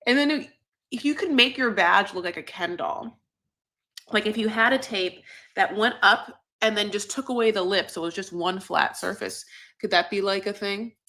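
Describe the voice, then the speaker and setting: A woman's voice: mid-range voice, normal speed, bright, forceful tone. A woman co-hosting a casual recap podcast, rambling and bawdy with lots of fillers. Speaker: podcast co-host.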